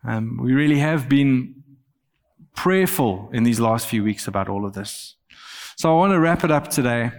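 A man preaching a sermon, earnest, growing animated as he quotes scripture. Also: mid-range voice, normal speed, big-room sound. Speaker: pastor.

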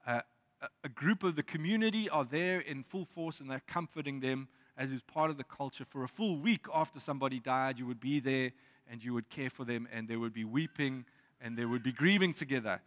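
A man preaching a sermon in a reflective way, reading scripture aloud with pauses. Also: medium pitch, fairly bright tone. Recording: long reverb of a hall.

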